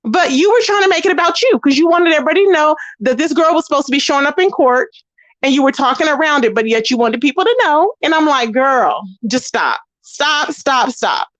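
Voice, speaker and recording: High-voiced chatty woman, dry close mic. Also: lively intonation, quick pace, no room sound. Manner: chatty and blunt, greets viewers by name. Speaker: host of a live commentary stream. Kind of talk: casual live-stream chat.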